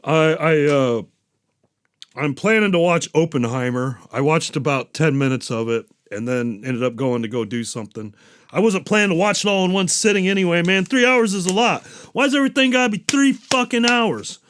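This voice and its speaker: A man's voice: fairly high pitch, lively intonation, moderate pace, a bit bright, clear, resonant tone. A man hosting a podcast, recapping a movie in a rambling, profane, casual way. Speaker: podcast host.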